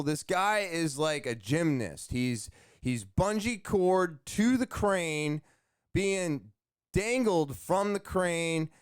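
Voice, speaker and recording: A podcast host tells a long, rambling story on his own show, packed with fillers and repeated words, in a casual monologue. His voice is fairly high, clear and resonant. The recording is studio quality with no echo.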